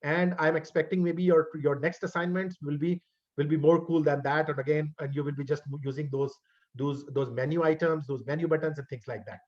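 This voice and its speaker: A man teaching a web development class over a video call, his voice a little high and coming through dull and lo-fi. He talks in a halting way, restarting and repeating words while he encourages his students. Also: steady tone. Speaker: college web development instructor. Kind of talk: online class lecture wrap-up. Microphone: computer mic on a video call.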